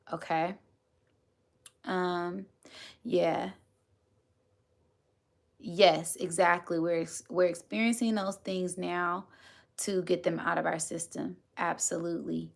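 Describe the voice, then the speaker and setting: A woman's voice: fairly low pitch, steady tone, slow pace, creaky. A woman hosting a casual spiritual livestream, chatting with viewers and thanking them often.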